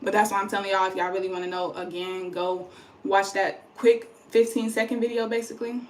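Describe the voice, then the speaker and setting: There's a roomy echo and slight background noise as a tired young woman casually talks to her phone camera about her pregnancy. Her mid-range voice stays level in tone and runs a little fast, and she chats in a rambling way.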